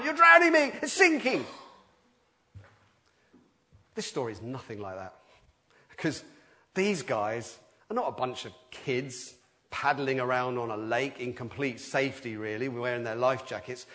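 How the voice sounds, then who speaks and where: Animated preacher. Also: male voice, mid-range voice. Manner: animated, acts out quoted voices with sudden loud outbursts. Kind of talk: sermon.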